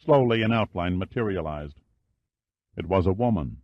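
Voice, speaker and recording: A low-pitched man reads an audiobook in a measured, steady way. The recording is dry and close, with a slightly dull, muffled top end. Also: dry recording. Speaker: audiobook narrator. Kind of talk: scripted narration.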